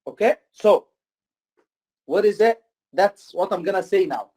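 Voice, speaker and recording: A native Arabic speaker teaching in English as an exam-prep tutor, slow and deliberate, often repeating points and checking understanding. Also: mid-range voice, lively intonation, warm tone, breathy edge. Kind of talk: online course lecture with role-play.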